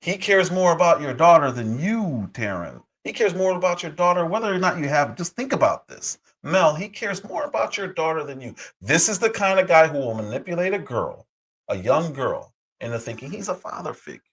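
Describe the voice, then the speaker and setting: Man, middle-aged, husky voice, lively swinging pitch, sarcastic reaction commentary. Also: a little fast. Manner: sarcastic and indignant, with mocking asides. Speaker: livestream commentator.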